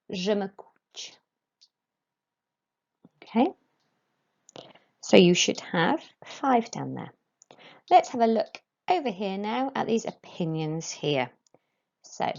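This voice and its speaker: Slow-speaking woman teacher, dull recording. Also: on the low side, a little mellow. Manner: slow, deliberate dictation of French phrases with English explanations. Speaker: French teacher. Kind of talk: recorded classroom lesson.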